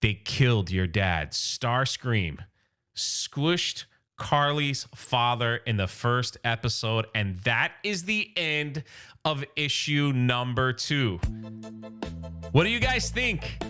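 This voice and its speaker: A man who recaps comic book stories casually, an excited, chatty storyteller who paraphrases the characters as he goes. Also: mid-range voice, slow pace, clear, resonant tone, soft background music.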